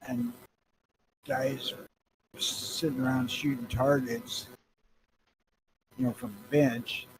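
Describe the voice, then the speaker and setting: A man's voice: medium pitch, little pitch movement, slow, noisy background. A man co-hosting a podcast in casual chat, talking in a laid-back, rambling way. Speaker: podcast co-host.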